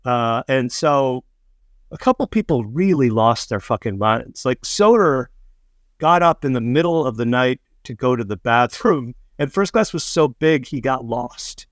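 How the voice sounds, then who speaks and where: A middle-aged man co-hosting a podcast, telling animated, profane anecdotes in casual chat and acting out the quotes. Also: mid-range voice, measured pace, no echo, studio quality. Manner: animated anecdotes, swears freely, acts out quotes. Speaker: podcast co-host.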